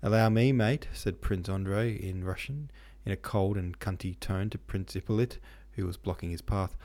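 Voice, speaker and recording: A man's voice: sits low, normal speed, mellow. A man voicing a cold, weary young prince in a storybook reading, curt in manner.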